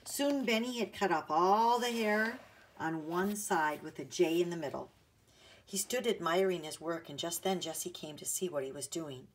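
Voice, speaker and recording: A woman narrating a children's chapter book in a gentle, read-aloud manner. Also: on the low side, moderate pace, slight background noise. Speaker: audiobook narrator. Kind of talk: storybook narration.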